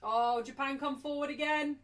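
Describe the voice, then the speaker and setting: A woman's voice: high-pitched, fairly even intonation, moderate pace, a bit bright. A chatty woman streams a live match watchalong, her voice sitting a little above the usual range. She drifts between casual commentary and sing-song baby talk to her dog. She sounds a touch distant from the microphone.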